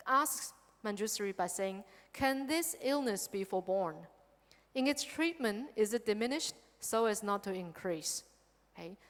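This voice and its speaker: Woman, Buddhist nun teaching a sutra, fairly high voice, long reverb, engaging, keeps asking "okay?". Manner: lively, checks in with "okay?" often. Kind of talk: dharma lecture.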